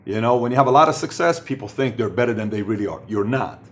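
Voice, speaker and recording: Man, motivational business talk, emphatic, repetitive, softer in stories. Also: mid-range voice, lively intonation, fast talker. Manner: emphatic, repeats phrases for stress. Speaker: host giving business advice.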